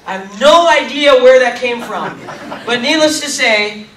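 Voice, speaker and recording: A man, an actor guest, tells an animated anecdote to a live audience, laughing often and acting out what people said. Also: very high-pitched, a little slow. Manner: lively storyteller, laughing often, acting out quotes. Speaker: actor guest on a convention stage. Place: large convention hall. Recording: echoey hall from far off with faint noise.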